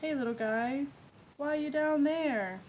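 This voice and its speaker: A woman doing a hearty, folksy farmer man from a storybook, greeting in a raised, slightly high voice. Hiss runs behind him. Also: takes it slowly, far from the mic. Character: friendly cowboy-ish male farmer.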